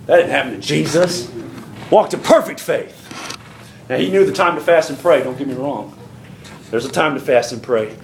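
A man preaching a sermon in a folksy, animated way, acting out little voices as he goes, with a congregation calling out amens. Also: medium pitch, moderate pace, vocal fry, long pauses, a little hiss or hum. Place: church. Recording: echoey church hall with congregation.

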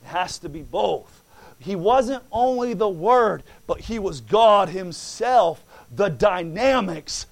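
A male preacher delivering a sermon, moving from quiet talk into fervent preaching. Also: high voice, expressive, slow pace, gravelly.

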